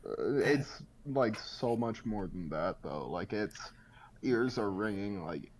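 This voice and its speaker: Low-voiced, casual tabletop player. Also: male voice, lively intonation, slow pace, a little mellow, slight background noise. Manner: casual, loose, swears freely. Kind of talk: tabletop game chat.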